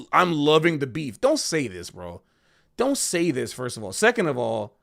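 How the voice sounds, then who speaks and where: A man's voice: sits high, sharp tone. A man who is a jazz musician, ranting casually on a livestream in an emotional, passionate way and calling people bro.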